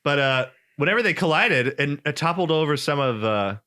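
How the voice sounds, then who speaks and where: A man co-hosting a casual podcast chat, telling a story in an animated way and acting out quoted voices. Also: a little high, normal speed, smooth. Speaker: podcast co-host.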